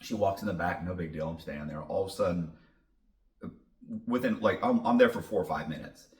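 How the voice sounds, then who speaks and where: A man's voice: low-pitched, brisk, a little mellow, distant mic. A man telling a story as a podcast guest, casual and blunt, swearing freely. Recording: roomy echo.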